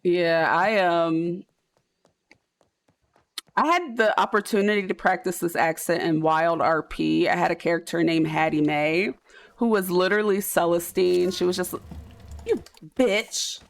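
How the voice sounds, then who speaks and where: A woman with a South Jersey accent chats casually to her stream audience. She is tired and rambling, with slangy, loose speech and a slightly low voice. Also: fairly even intonation, normal speed, gravelly. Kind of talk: casual chat.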